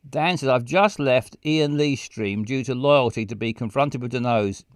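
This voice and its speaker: A man's voice: medium pitch, normal speed, no echo. A man rambling and stumbling through casual live game stream commentary on a close mic. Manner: rambling, stumbling, self-mocking.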